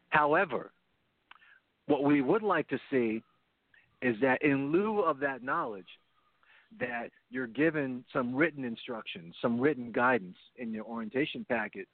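A man's voice: mid-range voice, no echo. A man co-hosting a recovery talk show, explaining in an earnest way with many repeated phrases, heard over a phone line. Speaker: podcast co-host. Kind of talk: casual radio show talk. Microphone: phone line, not his headset.

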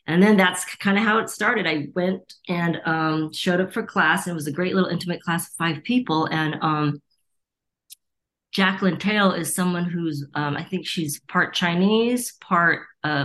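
Woman, middle-aged, from the United States, low voice, Reiki teacher in an interview, acts out quoted voices. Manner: animated storyteller acting out quoted voices. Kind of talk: storytelling interview.

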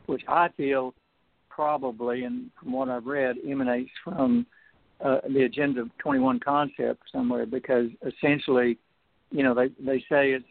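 Gravelly guy phoning into a radio show, stops and restarts a lot, sounds like a phone line. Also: medium pitch, no room sound. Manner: halting, many restarts and fillers. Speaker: guest, film producer.

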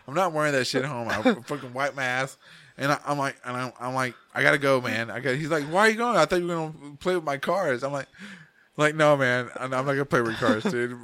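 A man's voice: mid-range voice, fairly quick, sharp tone, no echo. A young adult man casually telling a crude story on a podcast, swearing a lot and laughing through it. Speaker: podcast co-host.

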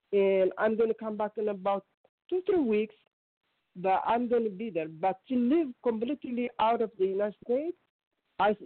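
A woman's voice: medium pitch, dry recording. Middle-aged Ethiopian-accented woman, phone-in guest, stumbling and restarting, tinny dry line. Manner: halting, many restarts and fillers. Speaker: guest caller. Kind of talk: radio call-in interview.

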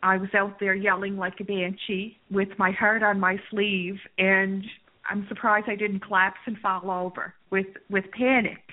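A woman's voice: mid-range voice, level tone, normal speed. A woman hosting a radio talk show, thinking aloud about her own experience while interviewing a guest. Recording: tinny phone-like sound.

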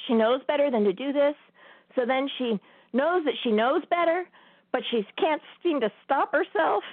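A woman's voice: high-pitched, expressive, moderate pace, no room sound. A woman hosting a spiritual talk show, telling a story in a casual way and laughing often as she talks. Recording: tinny phone-line sound.

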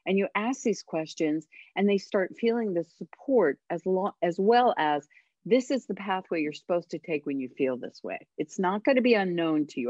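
A woman's voice: lowish voice, darkish tone, dry recording, dull audio. A woman parenting coach giving earnest, encouraging advice as a guest on a radio interview. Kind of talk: radio interview over a call line.

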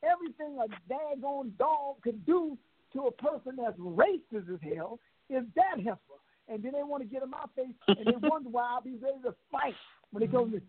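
A man's voice: very high voice, brisk, husky. A man calling in to a talk show, delivering a fiery, preachy rant that repeats its points. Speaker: caller. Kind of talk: heated call-in rant. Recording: tinny phone line.

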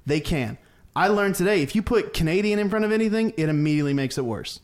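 A man with a fairly high voice delivers a comic rant, deadpan and mock-serious, as if reading a grievance list. He breaks into chuckles at his own lines now and then. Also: fast talker. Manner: laughs at his own jokes. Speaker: comedian podcast co-host.

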